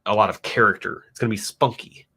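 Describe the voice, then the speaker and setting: A man's voice: lowish voice, quick pace, slightly rough. A man co-hosting a livestream, chatting casually and rambling with fillers while tasting. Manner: relaxed, rambling tasting talk with many fillers. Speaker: livestream co-host.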